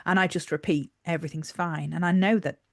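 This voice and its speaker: A woman's voice: fairly low pitch, fast, no room sound, clean studio sound. A woman with a North Yorkshire accent, co-hosting a podcast in casual, earnest chat with a slightly anxious manner. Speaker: podcast co-host.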